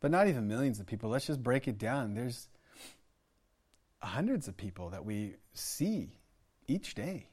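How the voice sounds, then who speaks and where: A man's voice: medium pitch, sing-song, a little slow, pauses often, darkish tone, husky. A middle-aged American man preaching a sermon, telling personal stories in an earnest way, often restarting and repeating words. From United States. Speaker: pastor.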